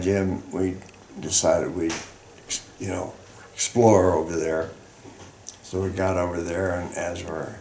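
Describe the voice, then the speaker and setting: Old guy from colorado, deep gravelly voice, rambles slow with lots of ums, echoey room. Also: a little mellow, a little hiss or hum. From Colorado, United States. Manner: halting, rambling reminiscing with fillers. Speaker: veteran interviewee. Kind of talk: oral history storytelling.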